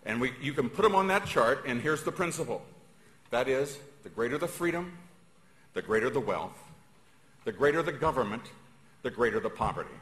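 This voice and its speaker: A man delivers a public speech in a folksy, emphatic manner, leaning on pauses to drive each point home. His mid-range voice carries a long, roomy reverb from a large hall. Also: medium pitch, a bit bright. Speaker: speaker. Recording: echoey hall.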